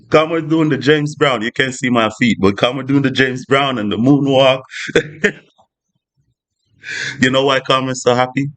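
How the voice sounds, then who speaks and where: A man's voice: mid-range voice, steady tone, a little slow, pauses often, a bit bright. A man giving a casual spiritual talk, loose and conversational with many "you know" asides. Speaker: spiritual vlogger.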